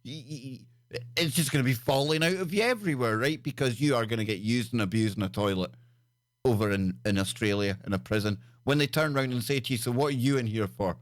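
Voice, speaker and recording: A man's voice: medium pitch, quick pace, no echo, studio quality. A man hosting a live stream, riffing crudely and jokily on odd news stories with stammered restarts. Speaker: show host.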